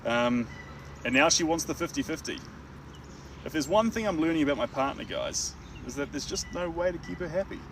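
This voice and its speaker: A man's voice: on the high side, animated, fairly quick. A man with a New Zealand accent, chatting jokily with viewers while painting outdoors. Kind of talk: casual livestream chat. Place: outdoors in the wild. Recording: distant mic with outdoor noise.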